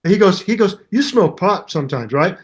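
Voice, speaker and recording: An older man in his seventies tells a story as a guest musician, jumping between characters in lively voices. His voice sits a little high for a man. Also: fairly quick. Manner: acts out both sides of the story in voices, lively. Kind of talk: animated storytelling interview.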